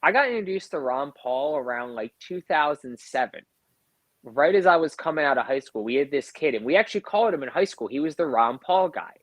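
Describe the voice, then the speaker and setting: A man's voice: fairly high pitch, animated, brisk, a bit bright, no echo. A man in his thirties co-hosting a podcast, telling profane, rambling stories in casual chat, packed with fillers and quoted back-and-forth. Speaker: podcast co-host.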